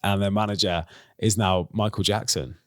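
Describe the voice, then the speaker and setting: A man's voice: fairly low pitch, steady tone, moderate pace. A man hosting a podcast, chatting casually and joking with his guest. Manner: chatty, joking banter with frequent laughter. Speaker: podcast host. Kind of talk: casual chat.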